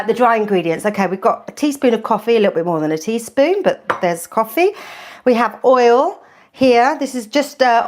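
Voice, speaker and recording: Nervous, chatty woman hosting a livestream. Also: a little high. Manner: nervous, chatty, with many ums and restarts. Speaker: food channel host. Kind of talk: live-stream cooking chat.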